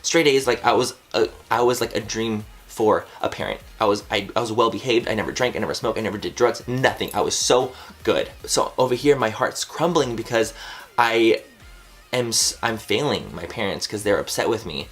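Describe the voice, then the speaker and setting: Young man, 20s, somewhat low voice, casual vlog storyteller, animated, swears a lot, heavy "like" filler. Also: normal speed. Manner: animated, swears freely, fills with "like". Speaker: vlogger. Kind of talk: casual personal storytelling to camera.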